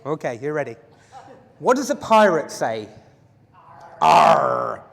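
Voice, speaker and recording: A man teaching a live self-defense class, his voice a bit high for a man. He jokes with the group and keeps quizzing them. The sound rings through a large hall with a long reverb. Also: big pitch swings, moderate pace. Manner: playful, jokey, asks the audience questions. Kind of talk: live workshop lecture to a group. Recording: echoey hall.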